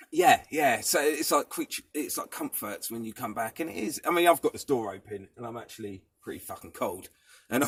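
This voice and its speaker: Vlogger, adult man, husky, dry close sound, loose sweary ramble. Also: mid-range voice, fairly bright tone, no echo. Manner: rambling, swears freely, laughs things off. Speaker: vlogger living in a van. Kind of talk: casual rambling chat to camera. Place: inside his parked van, door open, cold.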